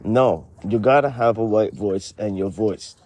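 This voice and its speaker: A man co-hosting a comedy podcast, playing the dry, deadpan straight man in a sketch. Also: lowish voice, unhurried.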